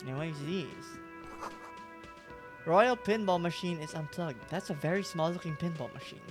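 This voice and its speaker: A man's voice: fairly high pitch, moderate pace, music in the background. A man streaming a game, chatting casually, laughing and reading text aloud. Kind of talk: casual gameplay commentary.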